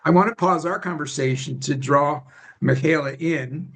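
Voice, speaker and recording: Man, webinar host, fairly high voice, praising tone, video call. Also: moderate pace, creaky, a bit bright. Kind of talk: hosting an online conversation.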